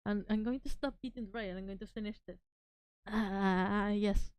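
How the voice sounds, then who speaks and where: This VTuber, a native Spanish speaker, streams live from home and chats in a casual, excitable, giggly way, frequently saying sorry. She has a mid-range, clean-toned voice and a moderate pace, with no echo in the audio.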